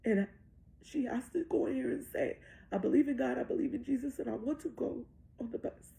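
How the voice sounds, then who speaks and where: A woman doing a smooth-talking devil. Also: high voice, fairly quick, warm tone, pitched above the performer's own voice, poor audio. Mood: persuasive. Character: smooth-talking male devil, casual and persuasive.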